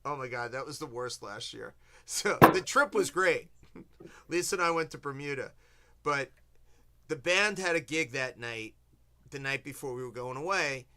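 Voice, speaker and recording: A man's voice: medium pitch, moderate pace, bright, forceful tone, slight background noise. A man hosting a casual chat, telling a long story animatedly and acting out what people said. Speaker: host.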